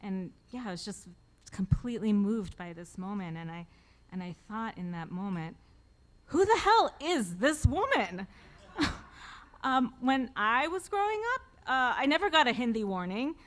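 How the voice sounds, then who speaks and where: A woman's voice: mid-range voice, expressive, normal speed, a bit bright. A woman in her forties, an author telling a personal story live to an audience with wry, self-deprecating humor, often laughing at her own jokes.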